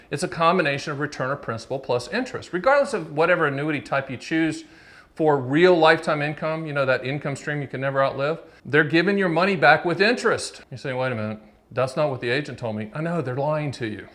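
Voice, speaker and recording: This fifty-something man's voice is fairly high and fairly bright. He's fronting his own video explaining annuities, speaking casually to the camera, cracking jokes, ribbing the producer behind the scenes and going off on tangents.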